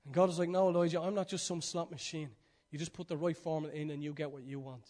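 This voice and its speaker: Animated preacher, high voice. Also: male voice, fast. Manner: animated, swings from loud urging to hushed near-whisper. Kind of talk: sermon.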